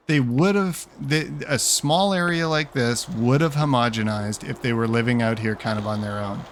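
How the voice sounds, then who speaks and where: A man narrating his own gameplay in a loose, rambling way, with sarcasm and frequent swearing. His pitch is average for a man. Game sounds and noise are clearly audible behind him. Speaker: let's play host. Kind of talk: casual gameplay commentary. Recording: commentary with background game noise.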